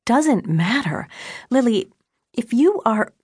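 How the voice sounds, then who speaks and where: A woman voicing a frantic mother who questions her teenage daughter in a low, urgent, pleading voice. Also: sing-song, measured pace, a little mellow, slightly rough, no echo, clean studio sound. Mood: pressing.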